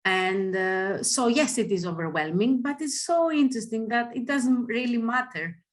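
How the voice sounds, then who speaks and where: Greek-accented woman, pausing to think. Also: a little high. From Greece. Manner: thoughtful, with frequent "uh" pauses. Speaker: panelist. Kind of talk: panel discussion.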